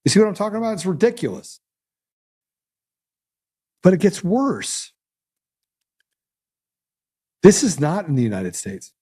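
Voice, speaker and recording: A male podcast host giving casual commentary in a blunt, heated way. His voice sits somewhat high for a man, and he leans hard into sarcasm. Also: wildly swooping pitch, normal speed, warm tone, husky.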